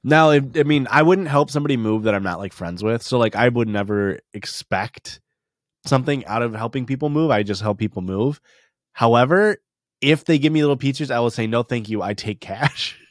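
Podcast co-host, male, mid-pitched, dry close sound; rambling, profane comic delivery. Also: animated, fairly quick, no echo. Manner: rambling, profane, laughing at own jokes. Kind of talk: casual comedic chat.

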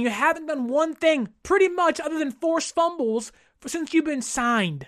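Fed-up woman podcast host in her 30s, animated rant, mocks folks, voice sits a bit high. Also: moderate pace, few pauses, no room sound, studio quality. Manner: exasperated, animated, mocking mimicry. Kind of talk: casual sports podcast rant.

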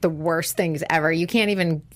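A woman hosting a casual interview, chatty and quick to laugh and finish the guest's thoughts. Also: deep voice. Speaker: interviewer, host.

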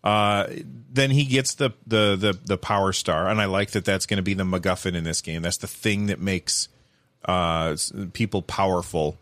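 A man giving casual, animated commentary, rambling with lots of fillers and restarts. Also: low-pitched, moderate pace, no echo.

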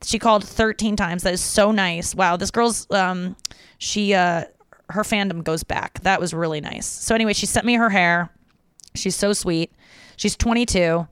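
A woman's voice: medium pitch, normal speed, clean tone, dry recording, clean studio sound. A young woman hosting a podcast alone, chatting candidly with fillers and frequent swearing as she reads out listener messages. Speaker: podcast host. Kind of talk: casual solo podcast, reading listener messages.

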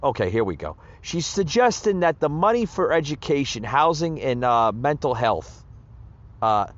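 A man hosting a political commentary show, ranting heatedly and stumbling over his words with many fillers. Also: high voice. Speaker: podcast host. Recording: dull lo-fi sound.

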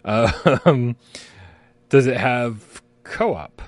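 A man's voice: medium pitch, expressive, drawn-out words, no echo. A man co-hosting a live gaming stream, rambling and swearing casually, often laughing. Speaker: podcast co-host. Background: sirens outside.

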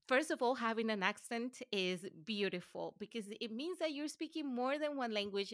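A woman from Venezuela, a native Spanish speaker, talking as a podcast guest in a relaxed, reflective way, with a Spanish-influenced English accent that carries a slight South African touch and many "like"s. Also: on the high side, dry recording, clean studio sound. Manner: relaxed and reflective, says "like" often, laughs easily. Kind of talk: casual interview conversation.

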